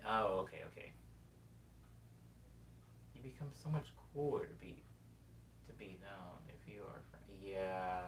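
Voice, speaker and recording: A young man in his twenties chats on a live stream, rambling and reflective as he reads viewers' messages aloud and muses on them. His voice sits at an ordinary pitch, picked up by a mic set a little away from him, with a faint low rumble underneath. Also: a bit bright, distant mic. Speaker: livestream host. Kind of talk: casual live-stream chat, answering chat.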